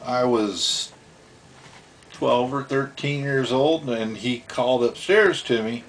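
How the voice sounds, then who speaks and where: A man's voice: medium pitch, takes it slowly, a little hiss or hum. A middle-aged man casually telling stories from his youth at home, rambling and chuckling as he acts out voices. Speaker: storyteller. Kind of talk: casual storytelling.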